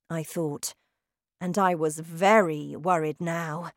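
A woman narrating a children's storybook aloud in a slow, deliberate, expressive way. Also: sits low, dry recording, clean studio sound. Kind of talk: storybook reading.

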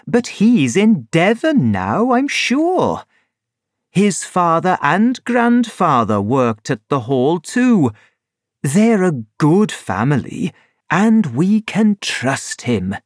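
A man voicing an earnest, eager country doctor in a storybook reading, bright and reassuring. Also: on the high side, wildly swooping pitch, slow, no echo, clean studio sound, voice pushed up, heavily acted.

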